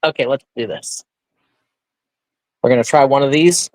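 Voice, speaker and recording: Man, auction live-streamer, loose joking patter, mid pitch, dry close sound. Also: moderate pace, darkish tone, no echo, low-quality recording. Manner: chatty, thinking aloud, joking. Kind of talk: casual live-stream selling.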